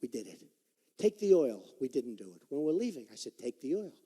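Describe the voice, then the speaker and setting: A man's voice: medium pitch, big pitch swings, fairly quick, warm tone, husky. A man in his sixties giving a campaign rally speech in a large performing arts hall. He talks in a repetitive, boastful, conversational way. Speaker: political candidate at a rally. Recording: long hall reverb.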